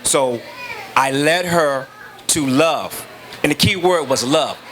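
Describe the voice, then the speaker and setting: A middle-aged man with an unusually high, bright, clear-ringing voice gives emotional testimony as a grieving father. He speaks earnestly and emphatically, repeating his words, and sounds close to tears. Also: takes it slowly, a little hiss or hum.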